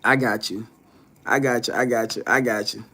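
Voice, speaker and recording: A man hosting a casual live stream, reading viewer comments aloud and answering them in a loose, profane, animated way with frequent laughter. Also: fairly low pitch, moderate pace, breathy edge.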